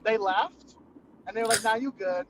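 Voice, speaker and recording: High-voiced young man telling rambling stories. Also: measured pace. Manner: rambling, profane, lots of fillers. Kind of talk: casual storytelling chat. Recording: muffled lo-fi recording with clear background noise.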